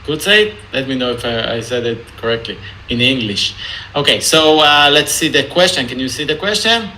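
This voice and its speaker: A man's voice: mid-range voice, fairly quick, pushed and bright, a little hiss or hum, poor audio. Joking israeli man reading questions. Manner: jokey, hesitant, reads out questions. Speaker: meetup Q&A moderator. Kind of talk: casual online Q&A. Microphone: video call.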